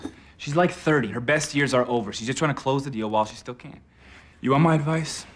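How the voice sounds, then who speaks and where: A man's voice: mid-range voice, fast, natural voice. Guy playing a blunt cocky best friend giving advice. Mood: advising. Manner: blunt, confident.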